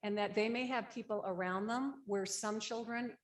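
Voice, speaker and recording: A woman's voice: mid-range voice, fairly even intonation, normal speed. A woman leading a conference workshop on grief support. She explains the steps in a practical, conversational way and often checks in with "right?". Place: conference room.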